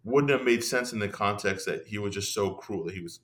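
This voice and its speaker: Animated man explaining in casual talk. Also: lowish voice, fairly quick. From Iran. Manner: animated, frequent restarts and asides. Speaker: podcast guest. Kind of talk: casual conversational discussion.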